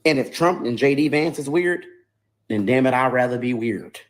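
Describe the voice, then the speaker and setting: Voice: medium pitch, animated, moderate pace. A commentator mocking in sarcastic commentary, firing rhetorical questions.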